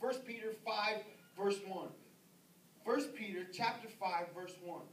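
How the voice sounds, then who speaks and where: A man's voice: high-pitched, unhurried, a bit bright. A man pastor preaching a sermon with an emphatic, repetitive cadence. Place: church sanctuary. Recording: roomy, distant mic with faint noise.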